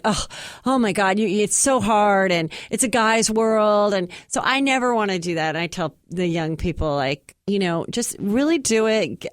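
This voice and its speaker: A woman from California's San Fernando Valley with a Valley girl accent, chatting quickly in an interview, saying "like" all the time and slipping into lively impressions. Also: medium pitch, dry recording, clean studio sound. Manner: chatty, quick, says "like" a lot, animated impressions. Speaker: comedian guest. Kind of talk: casual interview chat.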